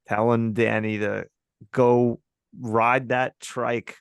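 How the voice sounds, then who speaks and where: A man's voice: medium pitch, flat delivery, slow pace, vocal fry, clear, resonant tone, dry recording. A man co-hosting a movie podcast who steers the segments with dry, crude jokes. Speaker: podcast co-host. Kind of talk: casual movie chat.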